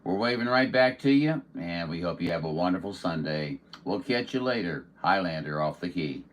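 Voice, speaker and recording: Low-voiced man hosting CB radio chat from home, friendly and unhurried, faint hiss behind. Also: animated. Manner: friendly, drawn-out radio sign-offs. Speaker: CB radio operator hosting a livestream. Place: indoors at home.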